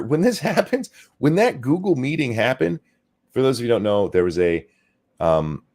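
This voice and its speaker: A man hosting a casual political commentary show, ranting sarcastically with lots of swearing and talking fast. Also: fairly low pitch. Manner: animated, swearing, sarcastic rants. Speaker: show host.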